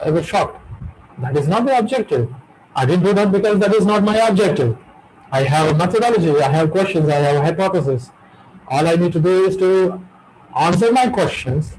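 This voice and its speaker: A middle-aged lecturer talks through a webinar on his computer microphone. His voice sits a little high, and he drives his points home by repeating them. A faint hiss of background noise runs under the call. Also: a little mellow, low-quality recording. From India. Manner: emphatic, repetitive, lecturing.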